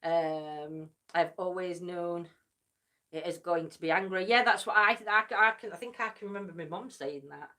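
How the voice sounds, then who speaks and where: A woman's voice: lowish voice, moderate pace, pushed and bright. A woman hosting a casual livestream, chatty and teasing, tired and yawning. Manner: chatty, laughs often, teasing. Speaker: livestream host. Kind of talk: casual live chat.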